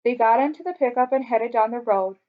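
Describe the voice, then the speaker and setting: A woman reading a children's story aloud in a clear, expressive way. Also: fairly high pitch, a little fast. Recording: dull lo-fi recording.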